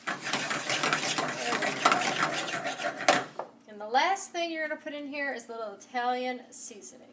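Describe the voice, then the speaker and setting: A chatty woman with a bright, fairly high voice hosts a cooking demonstration in her home kitchen. She sits a little back from the camera mic, and sizzling pans and clattering utensils are clearly heard behind her. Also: distant mic, very noisy. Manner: chatty and enthusiastic, talks straight to the viewer. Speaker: home cooking show host.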